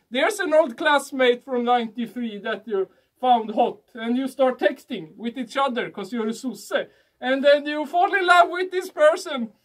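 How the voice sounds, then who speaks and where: High-voiced Swede doing deadpan comedy. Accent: Swedish. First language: Swedish. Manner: deadpan mock-instructional, broken English phrasing. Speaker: podcast host. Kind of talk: comic monologue.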